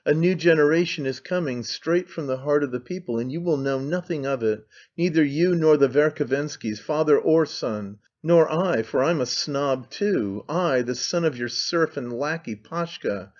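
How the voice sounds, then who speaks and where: A man's voice: on the high side, moderate pace, few pauses, a little mellow, lightly acted. A man reading an audiobook voices a frantic, impassioned man who pleads and accuses with intensity. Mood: urging. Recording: slightly dull lo-fi sound.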